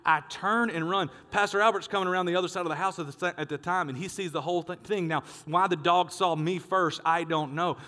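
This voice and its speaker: A male pastor preaching a sermon, telling a story with lively acted-out voices. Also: high voice, a little fast, hardly any pauses, in a large hall. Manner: animated storyteller, acts out dialogue.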